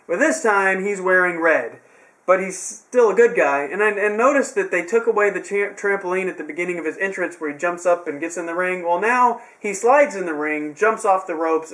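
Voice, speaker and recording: A young man with a fairly high voice talks through his review in a loose, rambling way. He drops dry, sarcastic asides as he goes. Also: a bit bright. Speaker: wrestling show reviewer. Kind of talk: casual recap.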